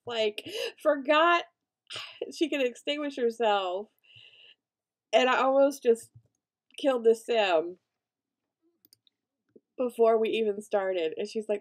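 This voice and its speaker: A woman's voice: a little high, slow pace, pauses often. A woman casually commenting on her own gameplay, rambling with lots of fillers and restarts. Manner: rambling, many fillers, bursts into panicked shrieks and laughter. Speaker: let's play gamer.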